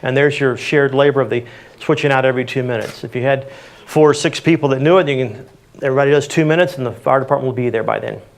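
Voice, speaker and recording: A man's voice: medium pitch, fast, gravelly. A man answering audience questions on CPR in a community panel, practical and plain-spoken with frequent fillers.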